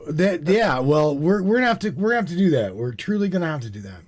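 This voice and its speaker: A man hosting a call-in show, chatting casually, slangy and quick to laugh. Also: fairly high pitch, very animated. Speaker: show host.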